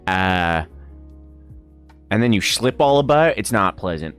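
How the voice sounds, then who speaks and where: A young man with an American-sounding accent chats on a stream in a loose, storytelling way. His voice swings widely up and down as he laughs and swears. Soft music plays faintly behind him. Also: fairly low pitch, a little slow, clear, resonant tone. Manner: laughing, animated, swears freely. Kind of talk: casual storytelling chat.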